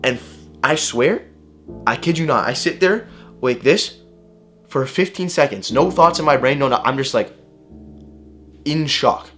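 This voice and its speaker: A young man vlogger telling a personal story to camera in a casual, animated way, swearing and using slang. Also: mid-range voice, unhurried, pauses often, soft background music.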